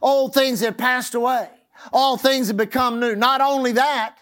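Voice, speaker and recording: A male pastor delivers a sermon in a notably high voice. He is emphatic, swinging from loud declarations to hushed, confiding asides. He stretches key phrases and stresses them word by word. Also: fairly even intonation, measured pace, smooth.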